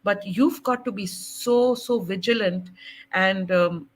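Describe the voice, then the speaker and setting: A woman sharing her faith testimony in an animated, laughing way. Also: mid-range voice, takes it slowly, poor audio. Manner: animated, laughing often, dramatic quoting.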